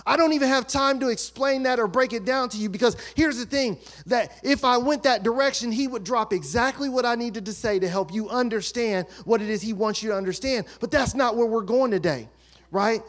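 A man preaching as a pastor, swinging between soft asides and shouted, emphatic peaks in a church. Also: very high voice, brisk. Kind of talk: sermon. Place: church sanctuary.

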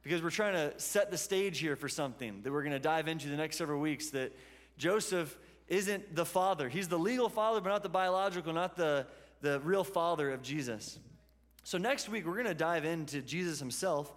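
Male pastor, slightly high voice, casual storytelling sermon, church hall reverb. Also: expressive, a little fast. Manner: conversational storytelling preaching.

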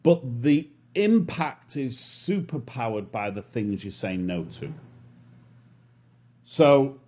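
A man in his fifties, a guest in a reflective interview, muses in a self-deprecating way while talking through his lessons. His voice is mid-range and a little mellow.

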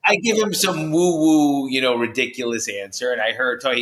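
A man from New Jersey, a podcast guest, telling a personal story with high energy and acting out the voices he quotes. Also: lively intonation, fairly quick, fairly bright tone, reverberant.

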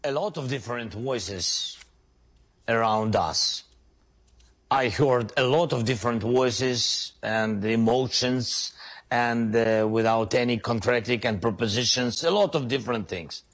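A man answers an interviewer's question in measured, halting English. He speaks slowly, repeating words as he builds his answer, in a clip played from a news interview. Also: mid-range voice, fairly bright tone. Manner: halting, repetitive non-native English. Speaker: interviewed national leader.

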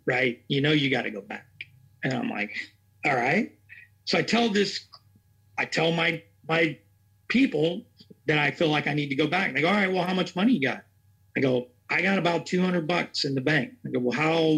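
A man's voice: on the high side, a bit bright, slightly rough. A man working as a racing chaplain, telling his story in an interview in a rambling, earnest way and acting out what others said. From Tennessee.

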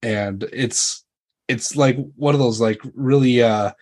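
A man acting as game master, narrating a fantasy tabletop game casually. He rambles and leans on fillers as he describes the scene, at an ordinary male pitch. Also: slow pace.

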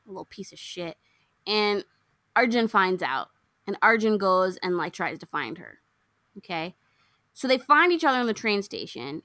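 Animated bright-voiced young woman retelling a film. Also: medium pitch, moderate pace, no room sound, studio quality. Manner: animated storyteller, acts out characters' lines. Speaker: podcast co-host recapping a film. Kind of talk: casual chat.

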